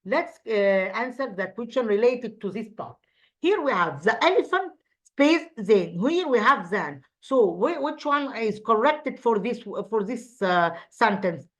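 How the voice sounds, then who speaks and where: A woman's voice: a little high, sing-song, unhurried. A woman English teacher with an Egyptian accent, whose first language is Arabic, explaining grammar in a recorded online lesson with many fillers and restarts.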